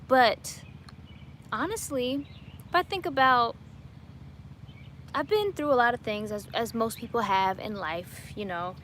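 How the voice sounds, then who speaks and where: A woman in her late twenties hosting a casual livestream from home, answering viewer questions in an earnest, reflective way with frequent soft laughs. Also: fairly high pitch, a little slow, long pauses, slight background noise. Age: late 20s.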